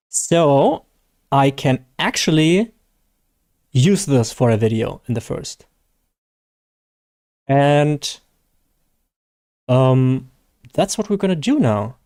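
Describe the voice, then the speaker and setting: A man's voice: mid-range voice, darkish tone, no echo, studio quality. A man from Germany with a German accent, hosting a casual live gaming stream, hesitant and self-deprecating with many fillers and restarts.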